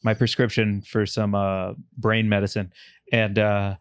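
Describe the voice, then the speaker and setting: A man's voice: fairly low pitch, flat delivery, a little slow, smooth, no room sound. A man who is a comedian guest, speaking bluntly and self-mockingly in casual chat.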